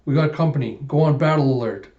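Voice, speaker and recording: A man voicing a cold, stoic young female cyborg fighter with flat, terse delivery. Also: a little high, quick pace, highs cut off, lightly acted.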